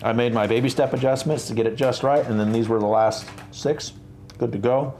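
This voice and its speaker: A man hosting a casual livestream, talking through printer setup step by step in a relaxed way with fillers. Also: mid-range voice, fairly quick. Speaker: host. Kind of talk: casual livestream tech talk.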